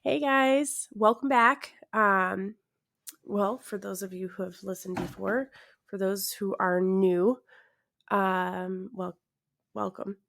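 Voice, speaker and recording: A woman's voice: medium pitch, fairly even intonation, slow pace, vocal fry, fairly bright tone. Tired, awkward woman podcast host. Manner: awkward, self-deprecating, laughs often, many fillers. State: tired, yawning. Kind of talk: casual solo podcast chat.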